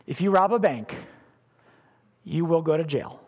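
A middle-aged man preaching a sermon as pastor, animated, with sudden loud bursts and soft drops. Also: on the high side, measured pace, long reverb tail, lo-fi sound.

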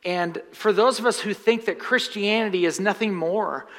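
A man's voice: high-pitched, normal speed, a bit bright. A man preaching a sermon in a church, reading scripture, praying and joking with the congregation. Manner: jokey, conversational asides to the congregation. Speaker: pastor. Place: church sanctuary. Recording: long church reverb.

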